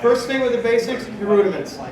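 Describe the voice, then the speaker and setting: A man in his fifties leads a drum clinic in a big convention hall, firing questions at the crowd and answering them himself. His voice sits high for a man and reaches the mic from a distance, with heavy echo and clear background noise. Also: quick pace. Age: 50s. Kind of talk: live drum clinic talk.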